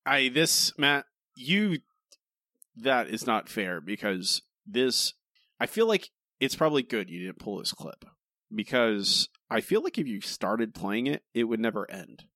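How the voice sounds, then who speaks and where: A man co-hosting a podcast, recapping an animated episode in casual, rambling chat full of restarts. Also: medium pitch, a little slow, no room sound, clean studio sound. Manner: animated, rambling with restarts, addresses co-host by name. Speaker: podcast co-host.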